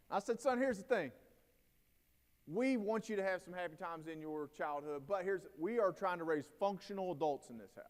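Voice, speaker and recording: A man, giving a keynote talk to educators and telling stories with lively acted-out quotes. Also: a little high, normal speed. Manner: storytelling, animated, acts out quotes. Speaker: keynote speaker at a teacher training day. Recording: long hall reverb.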